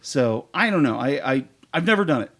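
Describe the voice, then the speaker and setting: A man with a gravelly, creaky voice talks in a relaxed podcast chat. He tells eager, rambling stories as an improv performer and trails off into fillers as he goes. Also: mid-range voice, brisk.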